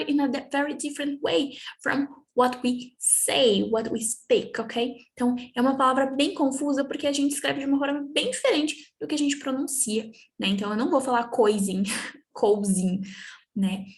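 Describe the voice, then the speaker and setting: A young Brazilian woman, a native Portuguese speaker with a Brazilian accent, teaching English family words in a slow bilingual lesson, drawing out and repeating each word. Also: a little high. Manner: slow, drawn-out repetition of words for students.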